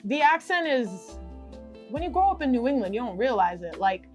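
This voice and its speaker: A woman's voice: a little high, big pitch swings, normal speed, faint music behind. A young woman with a Rhode Island accent, co-hosting a podcast in casual chat and laughing easily. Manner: chatty, laughs easily, says "yeah" a lot. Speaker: podcast co-host.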